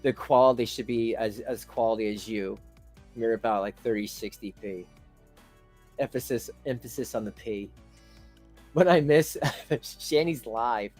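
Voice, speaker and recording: A man's voice: medium pitch, normal speed, a little mellow, soft background music. A man giving mocking reaction commentary on a livestream, laughing often. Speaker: commentary streamer.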